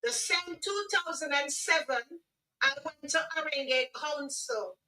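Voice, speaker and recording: A middle-aged Jamaican-accented woman speaks earnestly, with emotion, and often restarts her sentences. Her voice sits high and bright. She sounds a little far from the microphone. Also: animated, a little slow. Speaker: guest. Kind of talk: personal testimony on a radio livestream.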